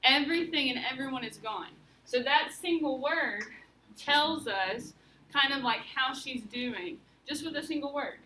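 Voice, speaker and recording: A woman teacher walks her students through a lesson, asking questions and steering them toward answers. Her voice is high and bright. The mic sits at a distance in an echoey room with faint background noise. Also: lively intonation, a little slow. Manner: questioning, guiding students step by step. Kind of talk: classroom lesson. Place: classroom.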